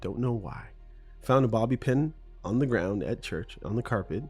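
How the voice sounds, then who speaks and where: A man's voice: medium pitch, expressive, moderate pace, darkish tone, faint music behind. A middle-aged Canadian man hosting a solo podcast, telling personal stories in a rambling, self-correcting way with ums and laughs. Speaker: podcast host. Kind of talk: unscripted solo podcast monologue.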